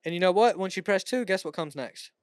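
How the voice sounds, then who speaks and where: Young male co-host, fairly high smooth voice, teasing and emphatic. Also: animated, fast, no echo, studio quality. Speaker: podcast co-host. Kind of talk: casual chat.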